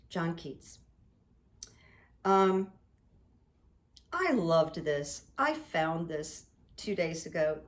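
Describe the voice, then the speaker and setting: Earnest, rambling woman with a lowish voice. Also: fairly bright tone. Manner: rambling, earnest, reads quotes slowly. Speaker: psychic coach and YouTube host. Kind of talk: casual to-camera monologue.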